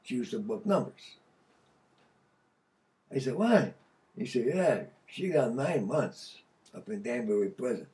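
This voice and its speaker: Profane older man, lively storyteller. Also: medium pitch, measured pace, pauses often, far from the mic. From Connecticut, USA. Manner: profane, animated, laughs mid-sentence. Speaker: podcast guest. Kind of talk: casual storytelling.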